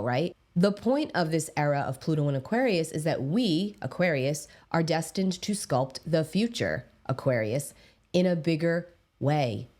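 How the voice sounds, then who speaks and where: A woman's voice: sits low, darkish tone. A woman astrologer explaining to her viewers, stressing key words and addressing them directly. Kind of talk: explanatory talk to camera.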